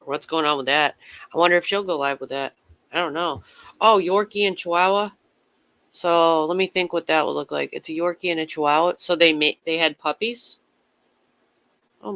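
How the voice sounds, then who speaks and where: Man, casual livestream chat, rambling and swearing, fairly high voice, bright and clear, dry sound. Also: dry recording.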